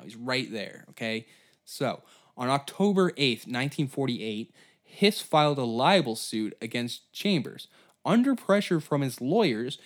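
A man tells history as a casual, profane solo podcast. His voice sits at a middle pitch. He drifts into tangents and acts out the people he quotes in goofy voices. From Canada. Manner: profane, rambling, jokey asides and silly quoted voices. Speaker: podcast host.

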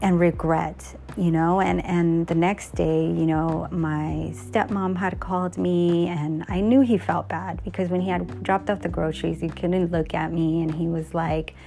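A woman's voice: lowish voice, steady tone, measured pace, creaky, few pauses, mellow. A middle-aged woman hosting a podcast, candidly telling a personal story in a rambling way, full of restarts and fillers.

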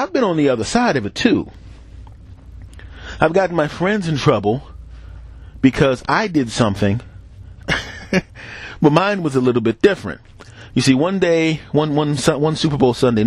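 A man's voice: medium pitch, slightly rough. A middle-aged man hosting a podcast, telling comic stories casually and acting out the voices of the people in them. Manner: animated, acts out quoted voices, laughs between bits. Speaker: podcast host. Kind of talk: casual comic storytelling monologue.

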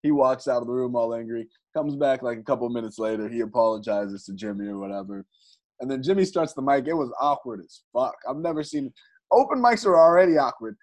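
A male stand-up comedian telling a story in casual chat, animated and swearing, acting out other people's lines. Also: medium pitch, fairly quick.

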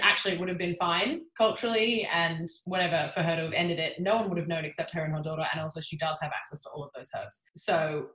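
A young woman casually retelling a book's plot, animated and full of "like," as a podcast co-host. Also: on the low side, roomy sound, poor audio. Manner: chatty, animated retelling with frequent "like". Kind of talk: casual chat.

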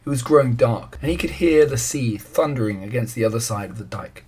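A man reading a children's story aloud in a calm, even storytelling manner. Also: mid-range voice, brisk, slightly rough.

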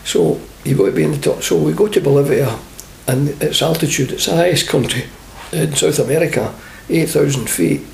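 With a slightly high, gravelly voice, an older Scottish ex-football manager tells animated interview stories at a fairly quick pace, barely pausing. He acts out others' voices, and the recording has an echoey room and faint hiss.

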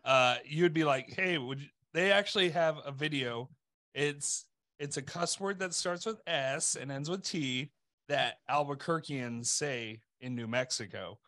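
A man's voice: fairly high pitch, a little slow, pushed and bright. A man co-hosting a podcast, chatting casually and jumping in with jokes. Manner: jokey, interjecting. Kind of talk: casual chat.

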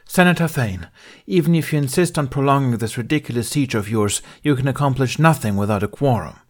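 A man's voice: mid-range voice, brisk, pitched above the performer's own voice, lightly acted. A man reading a fan fiction audiobook, voicing a composed, mild-mannered woman Jedi. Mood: cool. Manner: mild, cool.

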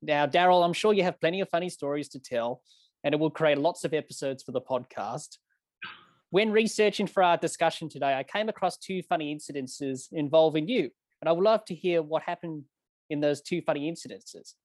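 A male podcast host asks eager questions and retells events to his guest in a lively way. His voice is of middle pitch, recorded dry and close with no room sound. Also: fairly quick, no echo. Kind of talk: casual interview questions.

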